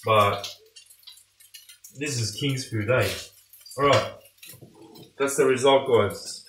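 A man's voice: medium pitch, takes it slowly, a bit bright, a little hiss or hum. A man chatting enthusiastically to his viewers while cooking at home in his kitchen. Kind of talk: casual cooking vlog. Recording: echoey kitchen with pots and pans.

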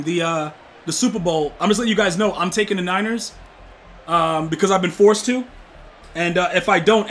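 A young man streaming a football video game, talking slangy trash to his chat and yelling at plays. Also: high voice. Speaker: gaming streamer. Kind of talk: live game stream commentary.

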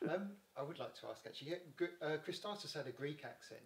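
A man's voice: a little high, animated, fast talker, poor audio. A man interviewing a guest, asking questions politely.

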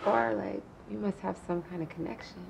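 An actress playing a dramatic, heartbroken young woman who gushes in quick bursts, with a slightly gravelly voice, in a comedy film. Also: lowish voice, animated, slight background noise. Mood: dramatic, gushing. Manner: gushing and quick, swings between upset and charmed.

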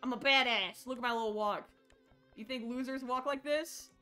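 A young woman speaks at a moderate pace in a slightly high voice, faint music behind her, while livestreaming a horror game. She banters playfully with herself and lets out shrieks and laughter when startled.

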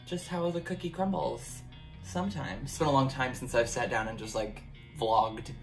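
A man's voice: medium pitch, normal speed, creaky, soft background music. Chatty young man vlogging to camera. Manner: chatty, rambling, many "like" fillers; candid and open. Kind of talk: casual chat to camera.

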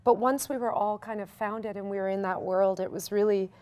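A woman's voice: mid-range voice, fairly even intonation, brisk, a little mellow, clean tone. A young Canadian woman, a stage actor, chatting animatedly and laughing easily in a casual cast Q&A. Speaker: musical theatre actor. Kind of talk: casual Q&A chat.

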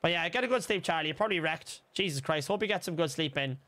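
Lively, bright-voiced Irish streamer guy. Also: fairly high pitch, fast. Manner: chatty, swears freely, reads out chat names, shouts at goals. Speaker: gaming streamer. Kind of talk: casual live-stream chat and game commentary.

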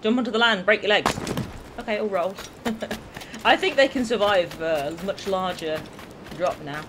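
A gaming streamer giving casual let's-play commentary, chatty, swearing, and full of quick asides. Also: mid-range voice. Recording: noisy game audio behind voice.

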